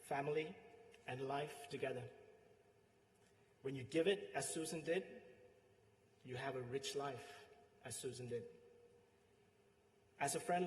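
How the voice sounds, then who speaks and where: A man with a Sri Lankan accent delivering a eulogy, heartfelt and pausing, his voice trailing softly at the ends of phrases. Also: a little high, slight background noise. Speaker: eulogist, friend and coworker. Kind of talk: eulogy speech with anecdotes. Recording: echoey hall with long reverb.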